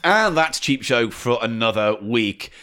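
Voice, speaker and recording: A man's voice: mid-range voice, a little slow, loud music behind the voice. A man hosting a podcast, telling stories in casual chat and swearing freely. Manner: animated storytelling, swears freely. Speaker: podcast host.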